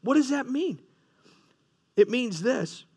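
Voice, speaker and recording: A man's voice: extremely high pitch, lively intonation, slow pace, darkish tone, breathy edge. A man preaching a sermon, earnest, with rising emphasis and frequent restarts. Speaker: pastor.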